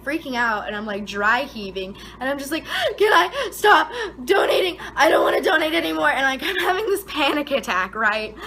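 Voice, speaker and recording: A woman's voice: a little hiss or hum, poor audio. A young woman vlogger telling a story in a casual, dramatic way, full of "like" fillers, her voice leaping up when she quotes herself. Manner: animated, dramatic retelling with frequent "like" fillers; voice jumps high and loud when quoting herself.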